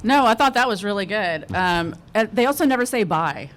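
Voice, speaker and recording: A woman's voice: medium pitch, lively intonation, brisk, fairly bright tone. A woman filmmaker on a panel, sharing writing tips in a friendly, chatty way. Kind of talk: panel talk giving writing advice.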